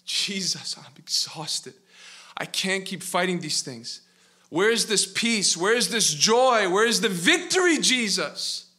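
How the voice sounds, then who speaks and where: A male preacher voicing an exhausted man who pleads with and shouts at Jesus in a parable. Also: a little high, slow pace, husky, voice pushed up, heavily acted. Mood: desperate.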